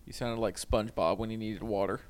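A man's voice: on the low side, steady tone, fairly quick. A man co-hosting a podcast, dropping short, dry, teasing remarks into casual chat. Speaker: podcast co-host.

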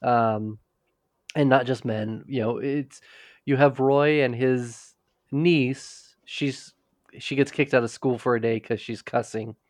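A man on a podcast chats casually through a TV episode recap. He rambles, restarts his sentences and drops in quick character quotes. His voice sits in the middle range and sounds dry and close. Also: medium pitch, steady tone, no echo. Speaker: podcast co-host.

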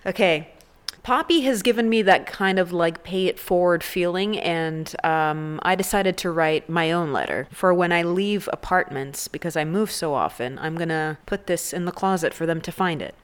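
A woman in her thirties hosting a comedic solo show, animated and crude, with self-mocking jokes. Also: lowish voice, moderate pace, clean tone. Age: 30s. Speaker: host.

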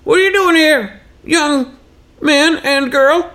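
Guy doing a high squawky old texan man, yells a lot, hoarding all the gold. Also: slow pace, full character voice. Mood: hollering folksy. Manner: squawky high put-on voice, hollering. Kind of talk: improvised storytelling.

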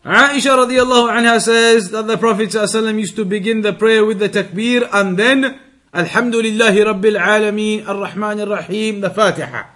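A man explaining a hadith text as a teacher, methodical and repetitive, reading Arabic passages quickly. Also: high-pitched, a bit bright. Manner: methodical, repeats key points, reads Arabic passages quickly. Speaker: Islamic teacher.

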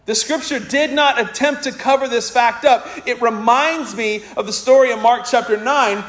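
Passionate high-voiced preacher in an echoey room. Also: male voice, normal speed, a bit bright. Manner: passionate, cries out in anguish when quoting; asks the congregation direct questions. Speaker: pastor. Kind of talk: sermon.

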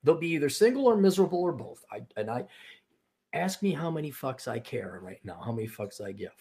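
A man's voice: a little high, big pitch swings, a little fast, warm tone. A man hosting a casual late-night talk show over a video call, ranting in a crude, sarcastic way. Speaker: show host.

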